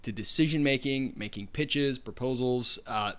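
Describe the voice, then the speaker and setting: A man's voice: mid-range voice, normal speed, a bit bright, clear, resonant tone. A man co-hosting a podcast, joking and teasing in casual chat. He laughs at his own slips. His voice sounds slightly muffled and lo-fi in the recording. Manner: joking, playful, laughs at himself. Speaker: podcast co-host.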